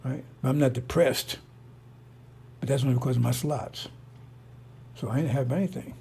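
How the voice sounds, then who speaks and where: This middle-aged man, a religious commentator, has a fairly high but husky, dark-toned voice. His casual preaching monologue is rambling and repetitive, delivered in a blunt, profane way.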